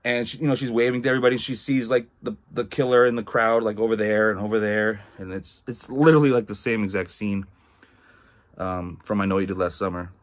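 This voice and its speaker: A man's voice: on the low side, fairly even intonation, brisk. A man from Massachusetts giving a casual spoken film review, rambling and full of fillers, swearing freely. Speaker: movie reviewer.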